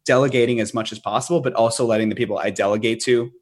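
A man's voice: mid-range voice, fairly even intonation, rapid-fire. A man who runs a business, a guest on a podcast, explaining his methods earnestly with frequent fillers and restarts. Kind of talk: podcast interview.

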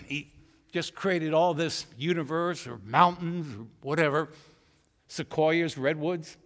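A man preaching a sermon who acts out voices and swings from loud to hushed. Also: fairly high pitch, takes it slowly, big-room sound. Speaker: pastor. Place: church.

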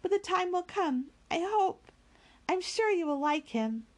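A woman's voice: extremely high pitch, animated, unhurried, voice pushed up. A woman voicing a passionate young woman who speaks in earnest exclamations in a storybook reading.

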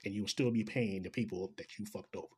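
A man's voice: fairly low pitch, fairly even intonation, fast, a little mellow, breathy edge. A man delivering an angry, profane, sarcastic rant straight to the listener. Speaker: commentator. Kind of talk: ranting commentary.

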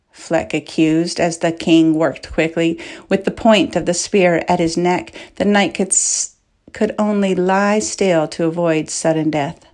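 Slow, low-voiced woman narrating a story. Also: a little mellow. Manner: measured, unhurried storytelling. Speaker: audiobook narrator. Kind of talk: scripted narration of a novel.

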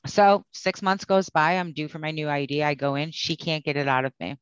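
A woman's voice: low-pitched, fairly quick, smooth, no echo, highs cut off. A woman guest telling her story in a candid, conversational way. She speaks bluntly, swears freely and acts out the lines of the people in her story.

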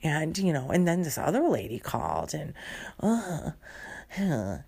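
A woman's voice: deep voice, sing-song, measured pace, creaky, a little mellow, slightly rough, full character voice. A woman voicing a flustered, whiny woman librarian who dithers and stalls with hesitations. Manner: dithering, overwhelmed, full of hesitations.

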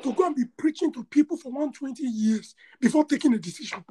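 A man's voice: extremely high pitch, fast, dark tone, breathy edge. A man hosting a casual chat, talking in short affirming bursts.

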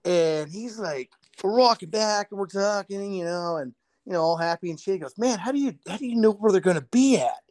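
A man's voice: high-pitched, expressive, a little fast, darkish tone, dry recording. Profane laid-back man telling hunting stories. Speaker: podcast co-host. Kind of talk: casual chat.

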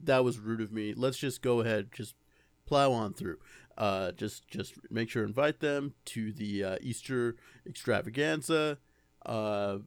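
A man's voice: on the low side, measured pace, clean tone, no echo. A man directing a recording session in a comic sketch, rambling and coaxing in a patient way. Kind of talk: comedic improvised sketch.

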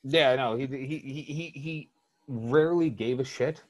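A man's voice: mid-range voice, measured pace, no room sound, lo-fi sound. A man telling rambling stories in casual chat, with lots of fillers and swearing.

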